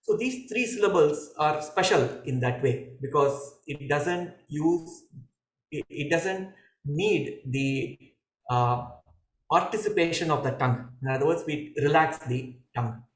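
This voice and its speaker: Man, yoga teacher, podcast guest, measured and unhurried, some restarts, reverberant room. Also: fairly high pitch. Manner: calm, measured explanations with hesitant restarts. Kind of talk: explaining in a podcast dialogue. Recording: echoey room.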